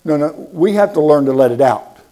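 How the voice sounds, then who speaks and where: Emphatic preacher man, fairly high voice. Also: expressive, fairly quick, dark tone. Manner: emphatic, repeats words for stress; asks the congregation questions. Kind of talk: sermon.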